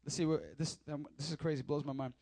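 A man's voice: on the high side, quick pace, creaky, a little mellow, no room sound. A male pastor preaching a sermon, reading scripture and explaining it to his congregation, repeating key points with emphasis.

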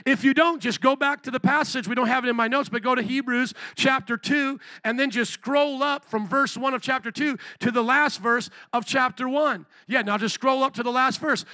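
A young man preaching a lively sermon, animated, acting out voices and shouting for emphasis. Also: high-pitched, no echo. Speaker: pastor.

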